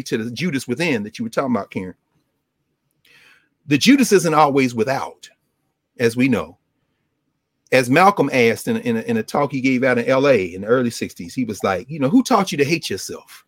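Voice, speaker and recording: A man's voice: mid-range voice, dry recording, clean studio sound. A man speaking as a scholar and co-host in an impassioned, lecture-style talk, rhythmic and emphatic, often repeating his points. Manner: animated, rhythmic, emphatic repetition.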